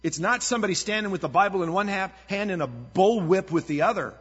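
Male pastor, husky and a touch high, conversational sermon delivery; muffled recording in a reverberant hall. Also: quick pace, faint music behind. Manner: conversational, earnest preaching with lively storytelling. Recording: dull lo-fi sound with long hall reverb.

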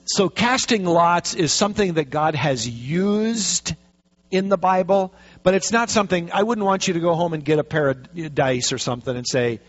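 A man's voice: a little high, normal speed. A man, a pastor, teaching a Bible passage in a folksy, chatty way with jokey asides. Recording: dull lo-fi recording.

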